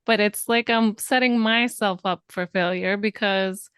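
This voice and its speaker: Mom chatting on a podcast, smooth clear voice, honest and a bit self-mocking. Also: female voice, medium pitch, fairly even intonation, a little slow, a bit bright, no room sound, clean studio sound. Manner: candid, chatty, self-deprecating. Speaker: podcast co-host, mother. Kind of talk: casual podcast chat.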